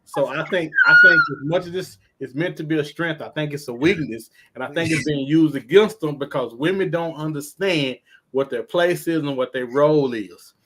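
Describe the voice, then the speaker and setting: A man, the guest host of a live stream panel, giving his opinions in an animated way and laughing often. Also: fairly high pitch, moderate pace.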